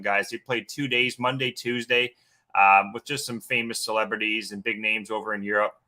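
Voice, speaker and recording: Host of a live golf picks stream, loose and chatty; bright, forward voice. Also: male voice, medium pitch. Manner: casual, chatty, lots of fillers, greets chat viewers. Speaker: sports betting podcast host.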